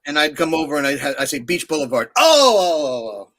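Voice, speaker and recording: A man in his sixties talks loosely in an interview. His stories wander and restart, full of fillers, yet stay animated throughout. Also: on the high side, quick pace. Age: 60s. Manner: rambling, animated storyteller with many fillers. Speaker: puppeteer guest. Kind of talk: casual interview chat.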